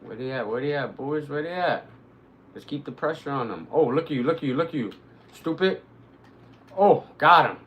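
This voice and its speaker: Excitable cursing male game streamer. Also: mid-range voice, fairly quick, muffled recording, a little hiss or hum. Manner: excitable, swearing, shouting reactions to the game. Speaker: live streamer. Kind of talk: live gameplay commentary.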